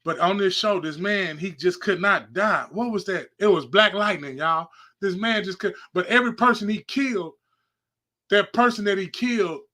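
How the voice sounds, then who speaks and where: A man's voice: sits high, moderate pace, sharp tone. A man hosting a podcast, preaching casually straight to his viewers, rambling and repeating himself, on a phone held close. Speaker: podcast host.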